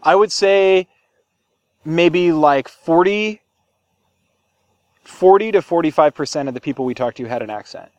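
A man's voice: fairly high pitch, measured pace, long pauses, darkish tone, dry recording, dull audio. A man co-hosting a casual podcast chat, rambling loosely and laughing often. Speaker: podcast co-host.

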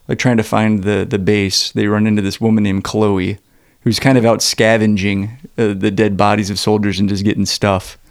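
A man's voice: on the low side, flat delivery, normal speed, no echo, studio quality. A man co-hosting a podcast, laid-back and chiming in with casual, profane asides about a movie. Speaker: podcast co-host. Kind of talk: casual movie-recap chat.

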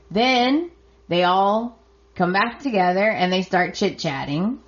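Unhurried low-voiced woman recapping. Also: muffled recording. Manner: chatty, reacts with surprise and sarcasm. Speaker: podcast host. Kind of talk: casual soap opera recap.

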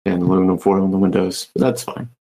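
A man's voice: low voice, quick pace. A man hosting a webcast, chatting casually and joking with his guests. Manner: joking, relaxed, laughs often. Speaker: host.

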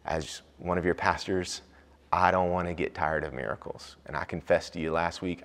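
A man preaching a sermon as a pastor, rising to loud emphatic peaks and dropping back low. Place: church sanctuary. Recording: long hall reverb.

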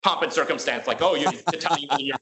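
A man telling his story as a guest in a casual interview. He talks in a rapid, filler-heavy way and acts out the dialogue he quotes. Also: fairly high pitch, bright, forceful tone, roomy sound, poor audio.

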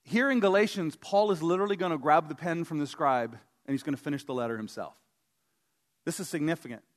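A man's voice: fairly high pitch, quick pace. A man preaching a sermon as pastor, in a conversational, joking way with emphatic stresses.

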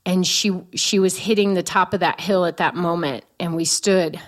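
A woman's voice: lowish voice, fairly even intonation, moderate pace. Forties woman telling a candid story. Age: 40s. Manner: candid, self-mocking, laughs as she tells it. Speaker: guest. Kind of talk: personal storytelling.

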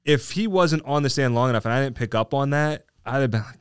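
A man's voice: medium pitch, quick pace, clean tone, no room sound, studio quality. A man who works as a trial lawyer, talking casually and explaining his views, often checking in with "right?". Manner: talkative, explains with frequent "right?". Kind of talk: casual discussion.

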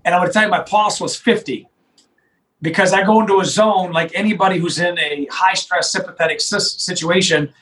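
A middle-aged man, a sheriff telling his story in an interview with emphatic, animated delivery and frequent restarts. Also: sits high, brisk, low-quality recording.

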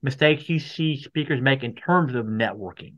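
A man hosting a podcast, asking his guest questions in a friendly, self-joking manner. His voice sits at an ordinary middle pitch. The audio sounds dull and lo-fi. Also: lively intonation, normal speed, a bit bright. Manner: friendly, jokes about himself. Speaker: podcast host. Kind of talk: interview questions and banter.

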